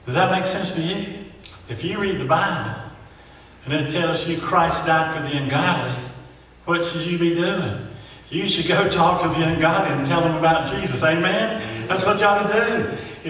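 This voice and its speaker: A man's voice: fairly high pitch, fairly bright tone. A man preaching a sermon in a church, pressing his points with rhetorical questions and drawing call-and-response from the congregation. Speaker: pastor. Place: church sanctuary. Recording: echoey church hall, mic at a distance.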